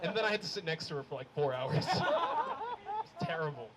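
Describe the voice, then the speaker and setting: A young man performing a stand-up comedy set, telling stories in an animated way and laughing at his own jokes. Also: fairly high pitch, fast, very noisy. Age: young adult. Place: comedy show with a live audience.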